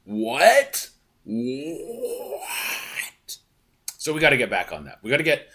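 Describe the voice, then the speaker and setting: A young man hosting a podcast alone, talking casually in a rambling, profane, animated way from a hotel room. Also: mid-range voice, racing. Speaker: podcast host. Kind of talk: casual monologue.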